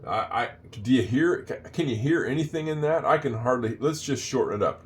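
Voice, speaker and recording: An older man giving a casual English lesson, chatting, repeating phrases slowly and wandering off on tangents. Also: mid-range voice, lively intonation. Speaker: English teacher.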